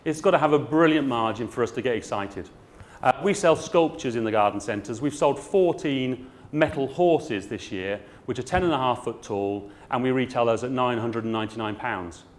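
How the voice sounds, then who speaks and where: A man's voice: mid-range voice, normal speed. A middle-aged man who runs garden centres, speaking frankly and jokily to a trade show audience. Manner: frank, chatty and jokey, with dry asides.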